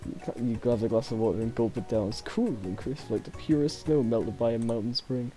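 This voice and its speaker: A man's voice: mid-range voice, brisk, mellow, faint music behind. A man streaming a dating game, reading its text aloud with playful, laughing, joking asides.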